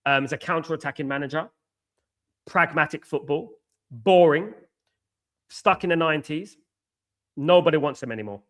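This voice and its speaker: A man's voice: a little high, normal speed, pauses often, fairly bright tone. An English man hosting a live football watchalong, reading out viewer comments and giving blunt, opinionated takes, often repeating himself. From England.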